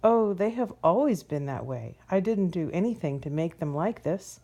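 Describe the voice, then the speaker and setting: A woman's voice: on the low side, animated, normal speed, warm tone. A woman voicing a kind, helpful male butterfly in a storybook, speaking in a cheerful, welcoming way. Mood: friendly.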